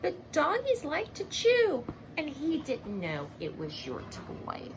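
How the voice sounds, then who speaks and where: A soothing storybook mom, put on by a woman reading aloud. She speaks slowly and coaxingly, her lilting voice rising and dipping, with a slight gravelly texture. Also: high voice, wildly swooping pitch, background noise, voice pushed up, heavily acted. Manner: soft, coaxing. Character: gentle soothing mother.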